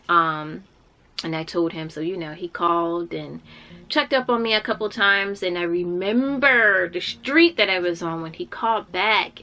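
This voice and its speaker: A woman's voice: lowish voice, bright, forceful tone. A young woman candidly telling a personal story to camera, heartfelt and casual, with many fillers and restarts. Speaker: vlogger sharing a personal story.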